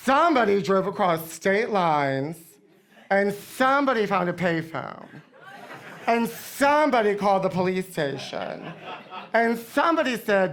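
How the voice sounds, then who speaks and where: A middle-aged man hosting a comedy show, telling campy, gossipy stories to a live audience with deadpan punchlines. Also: high-pitched, unhurried. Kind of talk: comic storytelling to a live audience.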